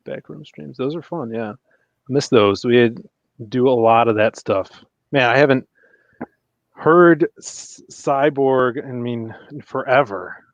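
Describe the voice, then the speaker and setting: A man's voice: medium pitch, a little slow, no echo. Laid-back man hosting a livestream. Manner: relaxed, chatty, plugs links for viewers. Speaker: livestream host. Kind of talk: casual livestream chat. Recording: dull, dry lo-fi mic sound.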